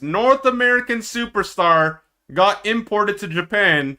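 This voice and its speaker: A man streaming himself reacting to an esports match, excitable and teasing, with drawn-out dramatic groans. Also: high-pitched. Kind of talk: casual live-stream reaction commentary.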